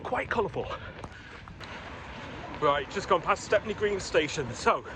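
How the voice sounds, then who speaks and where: A middle-aged man with a Geordie accent that drifts toward London, talking frankly to a body-worn camera as he runs along streets and a canal towpath. His voice sits a touch high for a man. City traffic and street sounds run clearly beneath his words. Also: expressive, unhurried. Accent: Geordie mixed with London. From Newcastle, England. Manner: chatty, frank, talking while running. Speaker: running vlogger. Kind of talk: casual running vlog. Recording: clear urban background noise.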